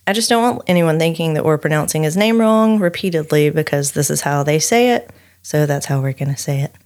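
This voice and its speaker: A woman's voice: deep voice, animated, brisk, darkish tone. A woman, co-hosting a podcast and narrating a true-crime story from her notes with chatty asides. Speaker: podcast co-host.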